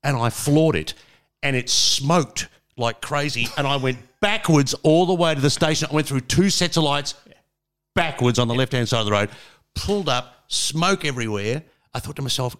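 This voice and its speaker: A man's voice: mid-range voice, moderate pace, a bit bright. A man in his fifties with an Australian accent, a former radio presenter telling long rambling anecdotes with restarts and the odd swear word. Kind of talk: casual storytelling interview.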